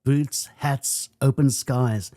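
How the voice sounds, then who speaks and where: A man's voice: medium pitch, steady tone, slow pace, mellow, dry recording, clean studio sound. Playful South African radio host man. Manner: playful, teasing questions. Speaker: radio breakfast show host. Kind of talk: radio interview. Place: radio studio.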